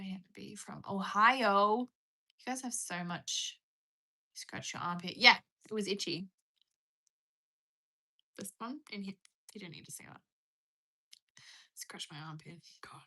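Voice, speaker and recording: This young Australian woman chats through her casual livestream, rambling, self-deprecating, and reading out what viewers comment. Her mid-range voice is bright and forceful, set at a measured pace with long pauses.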